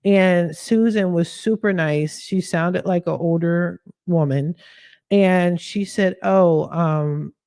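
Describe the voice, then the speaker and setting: A woman's voice: on the low side, slow, dry recording, clean studio sound. Slangy woman telling a story. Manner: animated, slangy, swears freely. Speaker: podcast host. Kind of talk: casual storytelling.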